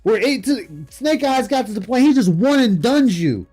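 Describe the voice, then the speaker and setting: A man streaming late at night, ranting with heavy profanity and scorn, breaking into shouts. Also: very high-pitched, big pitch swings, normal speed, slightly rough, soft background music. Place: home streaming setup.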